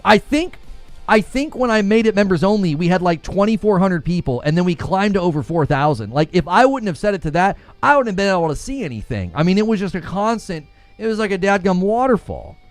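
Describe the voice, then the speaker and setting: A young man hosting a gaming livestream, chatting casually in a snarky, animated way and laughing often. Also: sits high, fairly quick, no room sound, soft background music.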